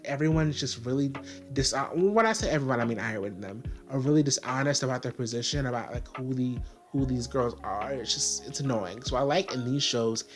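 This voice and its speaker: A man giving a casual video review, talking in a sassy, exasperated way and filling his speech with "like". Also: medium pitch. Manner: sassy, filler-heavy, exasperated ranting. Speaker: TV show reviewer.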